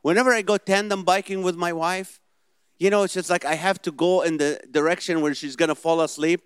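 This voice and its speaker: A middle-aged man with a heavy Middle Eastern accent, telling comedic stories in an animated way and acting out the dialogue. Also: high voice, a little fast, clean tone, no echo, studio quality. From Middle East. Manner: animated storytelling, acts out dialogue. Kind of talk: stand-up comedy set.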